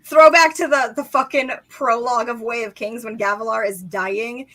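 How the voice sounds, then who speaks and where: A young woman talks casually on a live stream about books, her voice sitting a bit high. She is excitable and swears freely, slipping into little acted quotes as she goes. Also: normal speed, poor audio. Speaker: book discussion co-host.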